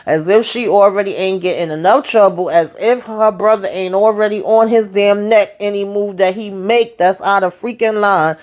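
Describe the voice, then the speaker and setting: A woman recaps a TV episode in a loose, chatty way. She sounds exasperated and animated, throws in slangy asides, and acts out the characters' lines as she retells each scene. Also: medium pitch, normal speed, hardly any pauses. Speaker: TV show recap host.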